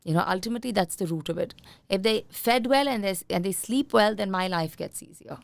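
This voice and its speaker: A woman parenting coach being interviewed on a podcast, talking in a calm coaching tone and sometimes acting out what parents say. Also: medium pitch, brisk, gravelly, no echo. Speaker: conscious parenting coach, guest.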